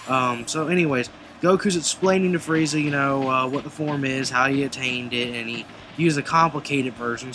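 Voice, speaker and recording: A man's voice: a little high, noisy background. A man casually recapping anime episodes in a rambling way, full of fillers and restarts. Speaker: anime reviewer.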